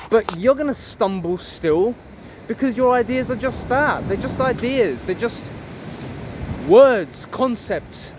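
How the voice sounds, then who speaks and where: High-voiced man musing aloud. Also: slight background noise. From Harlow, Essex, England. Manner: rambling, musing, swears freely. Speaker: vlogger. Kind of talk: casual philosophical monologue.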